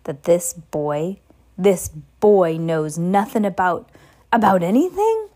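Hagrid, a booming gruff giant, read by a woman. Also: expressive, moderate pace, a little mellow, close to an everyday voice. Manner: booming, rough dropped-letter speech. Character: gruff hulking giant man, blunt and hot-tempered.

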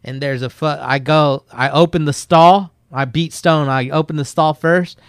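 A man casually telling profane, laughing stories about a friend in a relaxed chat. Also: fairly high pitch, moderate pace, clear, resonant tone, no room sound, studio quality. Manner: laid-back, profane, laughs through his stories.

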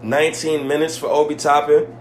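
A man's voice: a little high, level tone, brisk, roomy sound, a little hiss or hum. A man hosting a sports podcast, ranting in a heated, exasperated way with casual slang and lots of repetition. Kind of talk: emotional sports rant.

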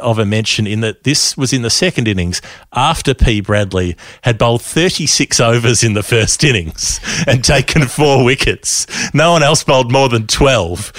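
A man's voice: medium pitch, fairly bright tone, dry recording. An Australian man co-hosting a casual podcast, chatting with dry, jokey banter. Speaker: podcast co-host.

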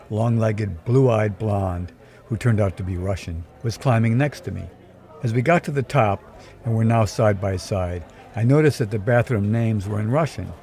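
A man narrating a scripted first-person story in a dry, wry, measured way. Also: on the low side, darkish tone. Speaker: podcast storyteller.

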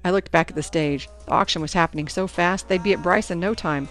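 A woman reading a first-person teen novel aloud in a lively storytelling manner. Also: lowish voice, fast, soft background music. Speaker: audiobook narrator.

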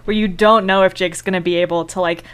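A woman co-hosting a casual podcast chat about a book and its film, animated and laughing often. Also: lowish voice, fast, smooth. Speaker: podcast co-host.

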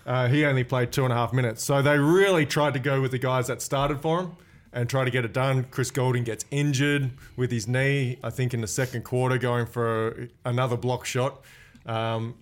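A man on a basketball podcast listing game stats in a steady, casual way with dry jokes. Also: mid-range voice, normal speed. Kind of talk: casual sports chat.

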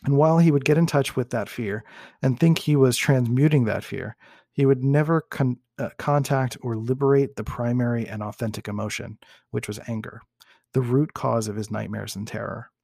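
A man reading a book passage aloud in a measured way, sometimes restarting words and adding comments of his own. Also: mid-range voice, fairly even intonation, gravelly, dark tone, dry recording, clean studio sound. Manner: measured, with occasional restarts and self-corrections.

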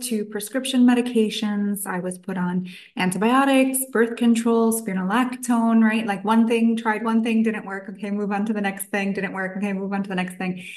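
A woman nutritionist, a guest on a podcast interview, telling her story in a chatty way with quoted asides. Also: medium pitch. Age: adult, past college.

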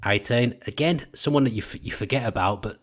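A man's voice: medium pitch, fairly quick. A man hosting a casual podcast and prompting his guest along. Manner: leads the talk, prompting the guest. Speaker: podcast host.

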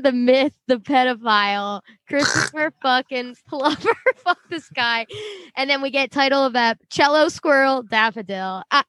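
A woman co-hosting a casual show recap, animated, swearing freely and laughing often. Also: on the high side, no room sound. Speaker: podcast co-host, book reader.

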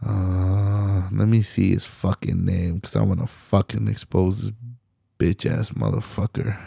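A man's voice: sits low, level tone, measured pace, gravelly, warm tone, husky, no room sound, clean studio sound. A young adult man hosting a podcast, ranting solo in a profane, exasperated way, full of fillers. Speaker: podcast host. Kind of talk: casual solo rant.

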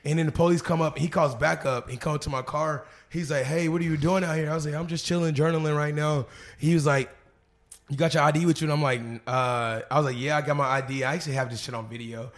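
A man's voice: on the high side, steady tone, fast. A young man from Arkansas telling stories in a loose, slang-heavy casual chat, full of fillers. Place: living room couch.

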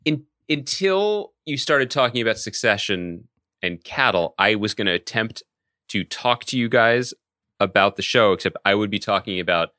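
A man's voice: fairly low pitch, moderate pace, dry recording, clean studio sound. A man co-hosting a podcast, chatting casually and riffing with jokes. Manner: joking, animated riffs. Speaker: podcast co-host. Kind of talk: casual chat.

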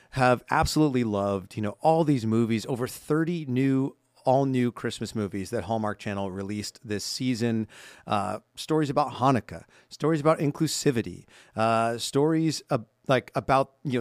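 A man's voice: medium pitch, a little mellow, dry recording, clean studio sound. A man co-hosting a casual chat show, talking enthusiastically about holiday films for a sponsor. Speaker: co-host.

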